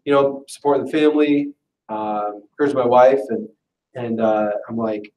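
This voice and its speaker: A man giving a chatty, self-deprecating business pitch to a live audience in a meeting room, often breaking into laughs. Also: fairly even intonation, normal speed, a little mellow, slight background noise. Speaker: business presenter at an info session. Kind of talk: casual, joking sales pitch to a live audience. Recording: roomy echo, voice far from the mic.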